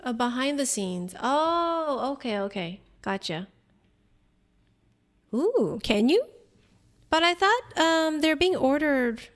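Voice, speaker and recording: A woman's voice: high-pitched, very animated, slow, pauses often. A woman streamer chatting casually with her viewers, addressing them by name and laughing often. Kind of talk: casual live-stream chat.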